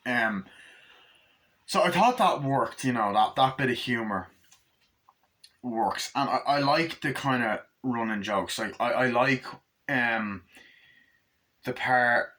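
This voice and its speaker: A man's voice: mid-range voice, slow, pauses often, pushed and bright. A man giving a casual, rambling movie review, swearing freely and acting out the scenes he retells.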